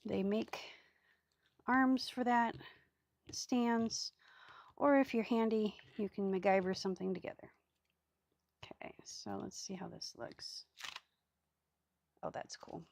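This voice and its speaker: Gravelly-voiced woman chatting through a craft tutorial. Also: mid-range voice, fairly even intonation, slow, pauses often, no echo. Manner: chatty, self-mocking, drops to murmurs while working. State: hiccups. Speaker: crafting video host. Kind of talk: casual craft tutorial chat. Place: craft table indoors.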